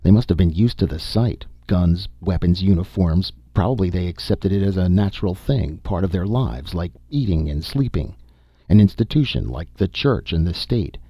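A man voicing a calm, grim male expedition leader who explains things in a measured way, in an audiobook. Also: low voice, breathy edge, dry recording, highs cut off.

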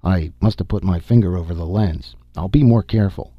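A man's voice: deep voice, a little fast, no room sound, lo-fi sound. A man voicing an eager, curious male archaeologist in an audiobook. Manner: eager, excited.

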